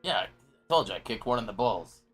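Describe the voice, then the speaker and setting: Low-voiced man, bright tone, rambling and halting, faint music behind. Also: animated. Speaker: player. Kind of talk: casual tabletop play.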